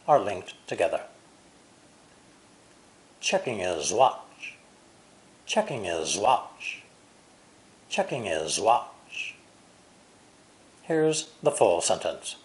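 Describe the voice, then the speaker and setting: An American man gives a pronunciation lesson in a low, unhurried voice. His pitch rises and falls widely as he stretches stressed words and repeats phrases with careful emphasis. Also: darkish tone. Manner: slow, deliberate, exaggerated stress and intonation. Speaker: English teacher.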